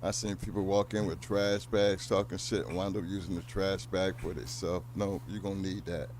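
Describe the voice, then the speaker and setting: A man in casual chat, talking in a low-key drawl with short asides. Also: flat delivery, normal speed, a little mellow, slight background noise.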